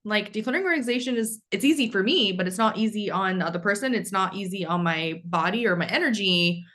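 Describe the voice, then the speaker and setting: A woman's voice: mid-range voice, expressive, quick pace, fairly bright tone. A woman hosting a casual podcast, speaking candidly, swearing casually and laughing at herself. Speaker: podcast host.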